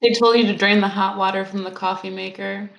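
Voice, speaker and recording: A woman playing a tabletop game, talking in a quick, animated way. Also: medium pitch, gravelly, muffled recording. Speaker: player.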